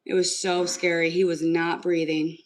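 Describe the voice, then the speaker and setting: On a livestream, a young woman who hosts it tells a story in a lowish, fairly flat voice at normal speed, and the audio quality is poor. She talks casually, rambling emotionally and using plenty of fillers.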